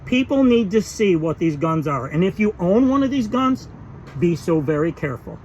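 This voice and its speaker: A man's voice: high voice, big pitch swings, moderate pace, darkish tone, highs cut off, slight background noise. A man hosting an airgun channel, angrily ranting to camera about a product flaw, aggravated and emphatic, speaking as a father. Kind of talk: heated product rant to camera.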